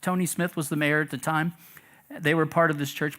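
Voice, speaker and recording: A middle-aged pastor telling a story to his congregation in a relaxed, conversational sermon, often asking the room questions. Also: on the high side, a little fast. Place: church sanctuary.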